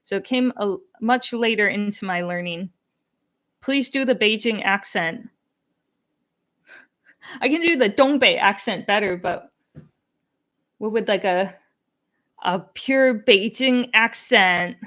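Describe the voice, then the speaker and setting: A woman's voice: mid-range voice, a little slow, long pauses, fairly bright tone. Chatty woman hosting a late-night live stream. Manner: chatty and candid, laughing often, slipping into Chinese phrases. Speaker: language-learning channel host. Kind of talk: casual live-stream chat answering comments.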